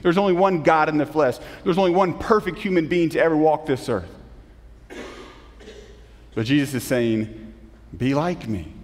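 A man preaching a sermon as pastor, earnest, with emphatic rises and soft, slow drops. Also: fairly high pitch. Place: church sanctuary. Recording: long reverb of a church hall.

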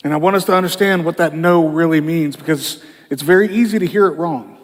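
A man's voice: on the high side, fairly quick, in a large hall. A man preaching a sermon in a conversational way, often saying "you know", recorded in a church. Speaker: pastor.

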